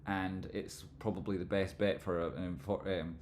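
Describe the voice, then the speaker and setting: A man with a Scottish accent hosting a live stream, explaining stock chart analysis in a relaxed, rambling way. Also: deep voice, normal speed, a little hiss or hum. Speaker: livestream host, trading analyst.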